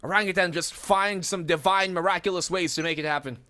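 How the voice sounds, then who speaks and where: A man's voice: high voice, brisk, very noisy. A man casting an esports match, breaking down the plays as they happen. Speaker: esports caster. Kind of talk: esports commentary.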